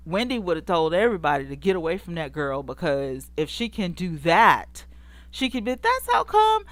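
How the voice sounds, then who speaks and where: A sassy woman hosting a gossip commentary show, chatting with her live viewers. Her voice sits a little low for a woman and sounds close and dry. She talks in an animated, scolding way and laughs often. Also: no echo. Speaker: show host. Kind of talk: casual celebrity gossip commentary, greeting live chat viewers.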